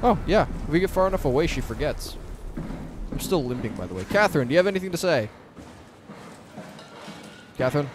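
A man giving sarcastic let's play commentary, swearing often and loudly mocking the monster in a high, shouting voice. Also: expressive, brisk, long pauses, background noise. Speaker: gaming commentator. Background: game music.

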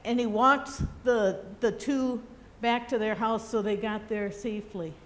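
A woman preaching a sermon, telling a story in a gentle, reflective way. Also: fairly high pitch, fairly even intonation, measured pace, a little hiss or hum.

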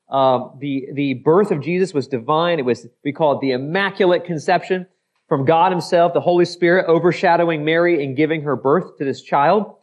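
A male pastor preaching an expository sermon, acting out skeptical voices and often repeating and correcting himself. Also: fairly high pitch. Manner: repeats phrases, self-corrects mid-sentence.

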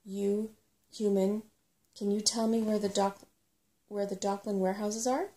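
A woman voicing a sharp-tongued female brownie in a whispered role-play, with a raised, impatient delivery. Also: medium pitch, level tone, unhurried, lightly acted. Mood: cross. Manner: snappish and impatient.

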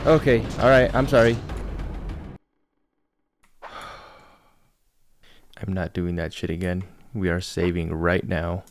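Male horror gamer, slow-talking, jumpy, swears a lot. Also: deep voice, slight background noise. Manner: jumpy, swears a lot, yelps when startled. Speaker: gaming channel host. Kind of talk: horror game commentary. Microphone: desk mic.

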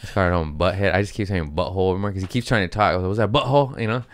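A comedian spins a rambling, profane road story, laughing at himself and jumping into the voices of the people in it. His voice sits low and smooth, and the sound is dry and close with no room around it. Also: rapid-fire, no echo. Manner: animated, profane, laughs often, acts out his own quotes. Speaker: comedian telling stories on his podcast. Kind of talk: casual storytelling chat.

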